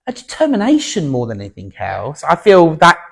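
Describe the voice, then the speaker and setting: Male medium, chatty and halting with fillers, animated, slightly high voice. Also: vocal fry, husky. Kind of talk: platform mediumship demonstration. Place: spiritualist centre meeting room before an audience.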